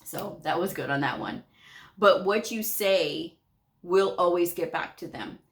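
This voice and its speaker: Middle-aged woman, medical coder, casual storytime vlog. Lower voice, chatty, laughs often. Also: a little slow. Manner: chatty, laughs often, acts out quoted dialogue.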